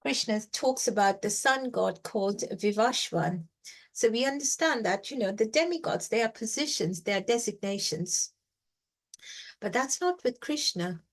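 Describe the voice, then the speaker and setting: Woman, scripture teacher, emphatic explainer who repeats for stress, mid pitch. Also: lively intonation, normal speed. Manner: emphatic, repeats words for stress, frequent "you know". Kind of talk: reflective scripture reading and explanation.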